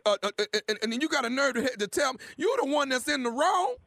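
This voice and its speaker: A man on a morning radio show, running a prank call and bantering loudly. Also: very high voice, animated, gravelly, slight background noise. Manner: brash, confrontational, quick to laugh. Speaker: radio prank caller and co-host.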